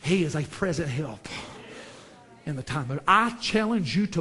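A man preaching a sermon, building to fervent shouts and dropping back down low. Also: expressive, moderate pace, pauses often. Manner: rises to fervent shouts, then drops low.

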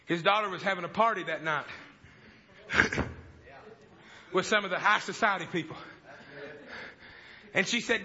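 A man preaching a sermon, telling a story fervently and breaking into shouted exclamations, on a dull lo-fi recording. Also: high-pitched, measured pace, long pauses.

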